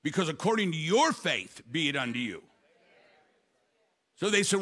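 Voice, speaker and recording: An older man preaching a sermon as pastor, with quick storytelling asides and sudden loud emphatic bursts. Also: high voice, very animated.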